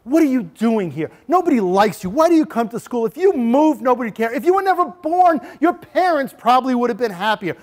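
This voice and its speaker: Guy acting out a mean school bully, mocking put-downs, high and pushy. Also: very animated, fairly quick, few pauses, darkish tone.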